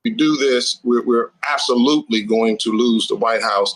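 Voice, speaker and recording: A man's voice: mid-range voice, normal speed, fairly bright tone, rough recording. A man speaking as a guest on a political news show, urgently warning and repeating phrases. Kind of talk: televised political interview.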